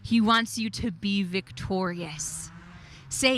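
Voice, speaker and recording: A woman preaching a devotional message in an emphatic way, repeating key phrases and slowing down on declarations. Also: high-pitched, lively intonation, pushed and bright, a little hiss or hum. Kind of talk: devotional sermon.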